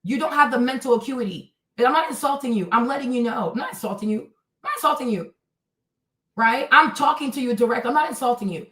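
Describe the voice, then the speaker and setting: A woman's voice: on the high side, quick pace, a bit bright, echoey room, distant mic, poor audio. A woman livestreaming commentary, reading and answering her chat in a blunt, scolding way, repeating her points.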